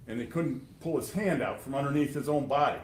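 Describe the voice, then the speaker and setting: A man's voice: medium pitch, a little fast, slight background noise. A man giving a prosecutor's closing argument to a jury, emphatic and sarcastic. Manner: emphatic and sarcastic, addressing jurors. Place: courtroom. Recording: echoey courtroom sound.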